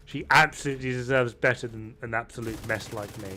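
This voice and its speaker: A man's voice: mid-range voice, steady tone, fairly quick, pushed and bright, slight background noise. Rowdy tipsy man streaming. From United Kingdom. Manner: rowdy, swearing, self-mocking banter. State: tipsy from whiskey. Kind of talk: casual stream chat. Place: home room, camera off.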